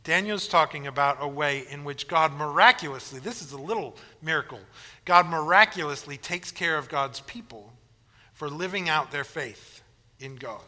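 A man delivers a sermon from the pulpit in a conversational, wry manner. His voice sits high and rings very bright. The church sanctuary adds a long, trailing reverb. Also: moderate pace. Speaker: pastor.

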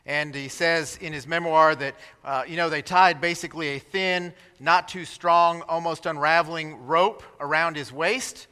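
High, bright-voiced preacher in a reverberant hall. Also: male voice, measured pace, hardly any pauses, smooth. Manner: animated storyteller acting out quoted voices. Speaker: pastor. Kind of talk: sermon storytelling.

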